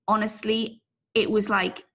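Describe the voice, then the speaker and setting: A woman's voice: mid-range voice, level tone, measured pace, pushed and bright. Woman co-host, 30s, English, chatty and self-mocking, laughs easily. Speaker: podcast co-host. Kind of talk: casual chat.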